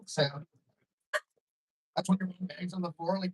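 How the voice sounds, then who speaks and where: A young adult man performing a stand-up comedy set on a club stage, delivering deadpan jokes and chuckling often. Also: high-pitched, a little fast, pauses often, breathy edge, poor audio.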